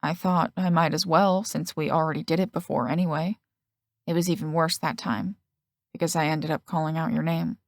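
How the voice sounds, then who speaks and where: A woman's voice: deep voice, fairly even intonation, normal speed, dry recording, studio quality. A woman voicing an earnest, slightly hesitant young man in an audiobook.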